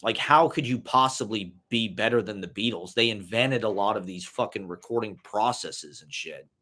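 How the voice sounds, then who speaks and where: A young man with a lowish, pushed, bright voice muses at normal speed in a casual vlog. His talk is loose and profane, packed with "like" and "you know."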